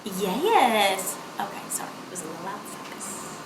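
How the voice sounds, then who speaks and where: A woman's voice: medium pitch, very animated, normal speed, slight background noise. Chatty woman in an echoey room. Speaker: beauty vlogger. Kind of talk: makeup tutorial.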